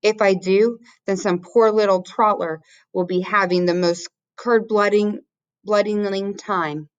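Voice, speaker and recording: A woman's voice: mid-range voice, steady tone, measured pace, clean tone, lo-fi sound, lightly acted. A woman voicing a big friendly male giant who talks in garbled grammar and odd invented words. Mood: grim. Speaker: teacher reading aloud.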